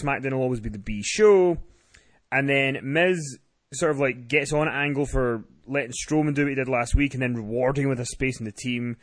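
A man's voice: medium pitch, fairly bright tone, dry recording. A man hosting a podcast, casually recapping wrestling with swearing and laughter. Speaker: podcast host.

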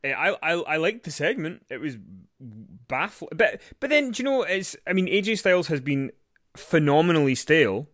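A man's voice: on the high side, expressive, moderate pace, fairly bright tone, dry recording, clean studio sound. Wry, hesitant man podcast host. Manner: wry, hesitant, repeats words. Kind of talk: casual podcast chat and sign-off.

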